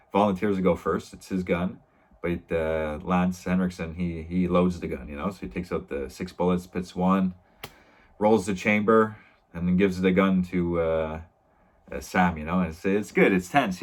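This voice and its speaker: A man with a deep, low-pitched voice reviews an old TV episode off the cuff. He rambles and restarts, leans on "you know" after nearly every thought, and drops casual swears as he retells the scenes. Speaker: video reviewer.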